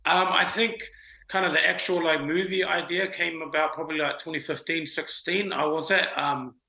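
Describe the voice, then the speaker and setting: A man's voice: on the high side, steady tone, normal speed, creaky, pushed and bright. A man, a film writer and producer, telling his story in laid-back slang with many fillers as an interview guest. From New Zealand. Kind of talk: casual interview chat. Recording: roomy echo.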